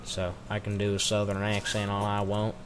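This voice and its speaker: A man's voice: on the low side, monotone, normal speed, music in the background. A man from the American South giving rambling, chatty let's-play commentary with self-mocking asides, talking into a desk microphone. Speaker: gaming commentator.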